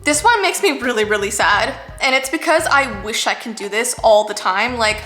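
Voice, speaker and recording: Woman, 30s, YouTuber answering fan questions; candid and chatty, slightly high, bright, roomy sound. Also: animated, normal speed, soft background music. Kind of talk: casual Q&A vlog.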